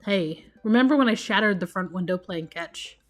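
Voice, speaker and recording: A woman's voice: medium pitch, expressive, normal speed, faint music behind, lightly acted. Sassy teen daughter in a game, dry teasing, read by a woman in her everyday voice.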